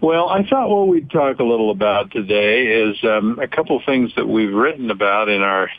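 A man's voice: on the low side, expressive, moderate pace. An older man co-hosting a radio show in a casual chat, rambling with fillers and chuckles. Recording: narrow phone-like radio sound.

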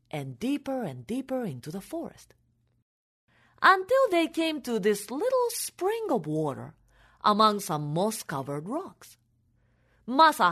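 A woman telling a folk tale for families in an expressive, animated way. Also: fairly high pitch. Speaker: storyteller.

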